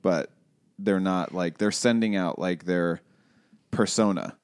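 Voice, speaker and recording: A man co-hosting a podcast in easygoing conversation. His voice sits very low, and he thinks out loud with frequent restarts. The recording is dry and close. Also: smooth, dry recording. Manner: musing, halting, many restarts. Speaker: podcast co-host. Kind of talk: casual chat.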